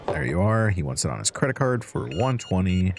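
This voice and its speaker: A man's voice: deep voice, very animated, fairly quick, a crowd in the background. A man hosting a let's-play, chatting to in-game customers as he serves drinks and counts out change. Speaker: gaming channel host. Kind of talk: relaxed let's-play commentary.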